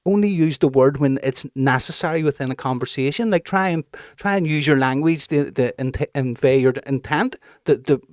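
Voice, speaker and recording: Swearing dad, dry sound. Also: male voice, on the high side, moderate pace, hardly any pauses, no room sound. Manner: swears freely, animated storytelling. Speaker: podcast co-host. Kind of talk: casual chat.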